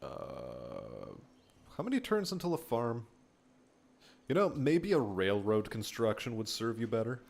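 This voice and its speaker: A man's voice: fairly low pitch, wildly swooping pitch, unhurried, gravelly, slight background noise. Laid-back man streaming a strategy game. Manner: laid-back, mumbling, swears casually. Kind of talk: casual gameplay commentary.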